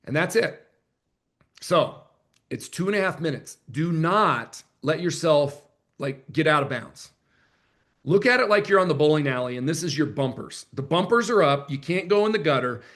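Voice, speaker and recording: Man, sales trainer, video call mic, energetic, chatty, slightly high voice. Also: moderate pace. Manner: energetic, chatty, self-deprecating. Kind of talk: live online training session. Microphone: computer mic on a video call.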